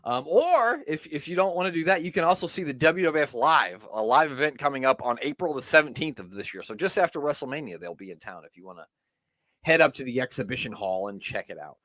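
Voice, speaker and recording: A man hosting a casual wrestling podcast, relaxed and rambling with frequent laughs. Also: fairly high pitch, fast talker, no echo. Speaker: podcast host.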